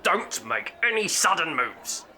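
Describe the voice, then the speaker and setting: A man plays a brusque, bumbling police inspector in a comic radio play, barking out his commands. His voice is sharply bright and slow-paced, rising and falling widely. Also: high voice, very animated, a little hiss or hum, heavily acted. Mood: commanding.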